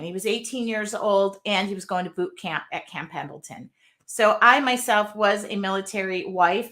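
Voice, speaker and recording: A woman's voice: mid-range voice, pushed and bright. A woman in her fifties hosting a casual chat, telling a rambling, heartfelt story. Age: 50s. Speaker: host.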